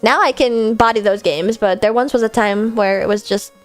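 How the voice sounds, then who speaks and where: Chatty higher-voiced woman streamer. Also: moderate pace, faint music behind. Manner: chatty, rambling, self-deprecating. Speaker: streamer hosting a viewer Q&A. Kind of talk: casual live-stream chat.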